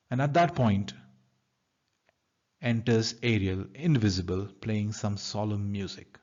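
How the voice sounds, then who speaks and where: A man's voice: lowish voice, unhurried, a little mellow. A male teacher with an Indian English accent giving a literature lecture, paraphrasing each line in plain words. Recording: dull lo-fi recording.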